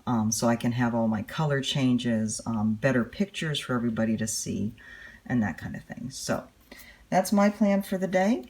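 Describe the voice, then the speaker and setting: A woman's voice: a bass voice, expressive, normal speed, darkish tone, husky. A woman rambling casually to her viewers while she stitches, chatty and full of fillers. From United States. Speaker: cross-stitch vlogger. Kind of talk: casual stitch-along chat.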